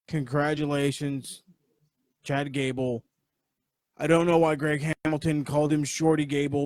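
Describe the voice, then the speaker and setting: A man's voice: on the high side, darkish tone, no room sound, studio quality. A man hosting a podcast, giving a casual, rambling, profane review of a wrestling event on a live stream. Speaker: podcast host.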